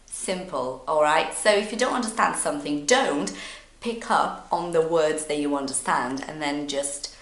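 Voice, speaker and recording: Animated woman teacher, lively pitch, roomy echo. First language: Portuguese. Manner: animated, acts out nervous learner in little scenes. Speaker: English teacher. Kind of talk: casual spoken lesson with acted examples.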